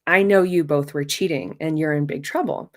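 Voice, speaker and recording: A stern, curt female English teacher scolding a student, as a woman storyteller quotes her, threatening and brisk. The voice stays close to an ordinary talking voice, only sharper in tone. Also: low-pitched, natural voice.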